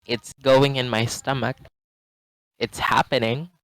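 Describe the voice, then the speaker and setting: A woman's voice: very deep voice, fairly even intonation, takes it slowly, no room sound, poor audio. A woman playing a tabletop game, talking in a playful, teasing way. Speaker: player. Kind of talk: casual tabletop game chat.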